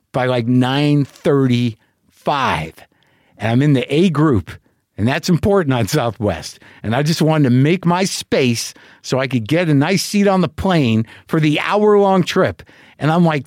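A man's voice: a little high, no echo, clean studio sound. A man hosting a show, telling a long rambling story full of swearing and self-deprecation. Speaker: podcast host. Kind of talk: monologue.

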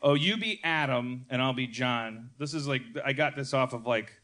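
A man's voice: mid-range voice, moderate pace, sharp tone. A man hosting a comedy podcast, chatting in a rambling way with frequent laughs and restarts. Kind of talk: casual comedic chat.

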